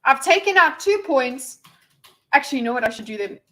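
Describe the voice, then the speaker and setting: A woman's voice: high-pitched, expressive, brisk, fairly bright tone, rough recording. A woman hosting a casual livestream, rambling, giggling and poking fun at herself as she sets things up. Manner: rambling, giggly, self-deprecating. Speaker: livestream host.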